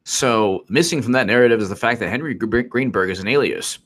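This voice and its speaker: A man's voice: on the low side, a little fast, fairly bright tone. Exasperated man ranting on a live stream. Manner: repetitive, exasperated, sarcastic. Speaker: political commentary host. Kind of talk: casual live-stream commentary.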